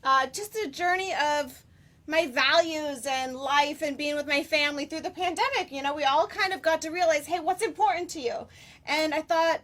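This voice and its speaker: A woman in her forties chatting as an interview guest, bubbly and quick to laugh. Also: high voice, fairly bright tone. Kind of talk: casual interview chat.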